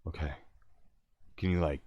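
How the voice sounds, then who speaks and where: A man's voice: a bass voice, fairly even intonation, measured pace, warm tone, dry recording, muffled recording, pitched below the performer's own voice. A man voicing a paranoid, sleep-deprived young soldier who stammers and pleads. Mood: nervous.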